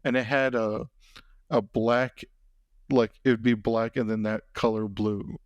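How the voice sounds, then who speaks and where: A man's voice: mid-range voice, fairly even intonation, a little slow, no room sound, dull audio. A man hosting a podcast, chatting casually and rambling with lots of fillers. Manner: rambling, lots of fillers and "you know what I mean". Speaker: podcast host. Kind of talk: casual chat.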